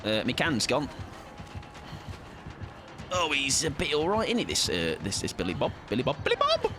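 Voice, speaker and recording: A man streaming a game, chatting playfully and excitably with teammates. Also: medium pitch, normal speed, music in the background. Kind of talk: casual gaming chat.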